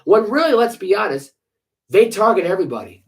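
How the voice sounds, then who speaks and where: A man's voice: sits high, very animated, a little fast, low-quality recording. Man ranting heatedly on a sports podcast. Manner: heated, profane ranting with sarcastic rhetorical questions. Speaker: podcast co-host. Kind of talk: casual sports podcast rant.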